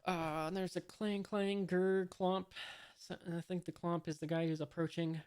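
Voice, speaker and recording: A woman reading a comic aloud in a casual way. She pauses often on filler sounds, reads out the sound effects and describes each panel. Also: lowish voice, fairly even intonation, darkish tone, clear, resonant tone. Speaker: reader of a comic. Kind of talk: casual comic read-along.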